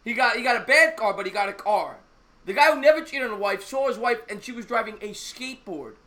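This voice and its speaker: Bright high-voiced man. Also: quick pace. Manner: rambling, repeats himself, tells jokes. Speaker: co-host of a sports talk stream. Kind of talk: casual chat on a live stream.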